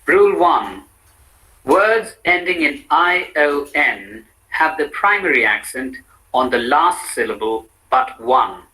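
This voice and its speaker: A man reading out the instructions for a pronunciation drill in a measured, explanatory way. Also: fairly high pitch, big pitch swings, sharp tone, low-quality recording. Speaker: language lab instructor. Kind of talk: scripted pronunciation lesson.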